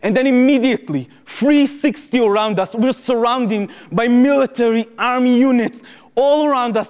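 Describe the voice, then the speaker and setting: A young man with an Israeli accent tells a story to a live audience in a high, lively voice that rings through a long-reverb hall. He speaks English as a second language, narrates in the present tense and acts out the voices of the people in the story. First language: Hebrew. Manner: vivid first-person storytelling in present tense, acting out voices. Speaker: speaker at a public talk. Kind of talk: storytelling talk. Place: lecture hall before an audience.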